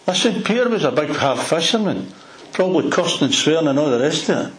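A man with a Glasgow accent preaching a sermon, retelling a Bible story in an animated way with plenty of local slang. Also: a little high, fast, echoey room, low-quality recording. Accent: Glaswegian Scottish. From Scotland. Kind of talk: expository sermon.

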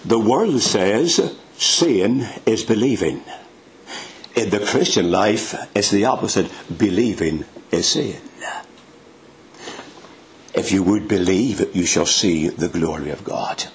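A man delivers a sermon at an unhurried, deliberate pace. His voice sits on the low side, and his emphatic delivery leaps upward for stressed words. A faint hum of ambience lies under the recording. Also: animated. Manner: dramatic, slow and emphatic with sudden rises in pitch. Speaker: preacher.

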